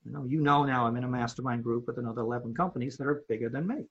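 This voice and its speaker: A man guest telling a story in conversation, animated, acting out what people said and repeating words when worked up. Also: medium pitch, racing, husky. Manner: animated, acts out quoted dialogue, repeats words when excited. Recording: dull lo-fi recording.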